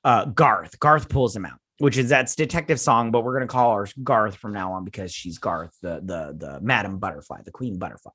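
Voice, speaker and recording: A man's voice: on the low side, a little fast, few pauses, slightly rough, no echo. A man hosting a show, casually recapping a TV episode in a rambling way, acting out the characters' lines and sounding a bit tired. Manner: rambling, animated retelling with acted-out quotes. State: tired, yawning. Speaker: host.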